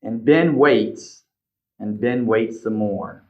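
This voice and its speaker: A man reading a picture book aloud to children as a librarian, animated, pointing out the pictures and asking questions. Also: lowish voice, slow. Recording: slightly dull lo-fi recording.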